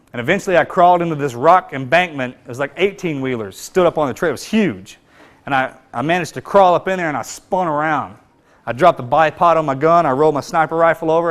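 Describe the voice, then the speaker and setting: A middle-aged military veteran telling a war story in a blunt, conversational way, often dropping to a low, quiet voice. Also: male voice. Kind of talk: personal war story told to an audience.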